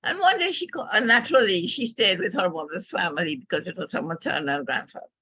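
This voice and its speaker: An older woman giving a speech, telling a personal family story in an emotional, halting storyteller's way. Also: lowish voice, expressive, bright, forceful tone, slightly rough, no echo. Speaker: speaker at a club meeting.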